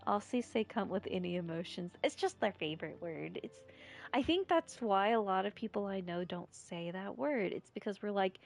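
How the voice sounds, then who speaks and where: Gravelly-voiced rural American woman streamer. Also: medium pitch, animated, moderate pace. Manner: rambling, giggly, irreverent. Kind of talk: casual live-stream chat. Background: faint game music.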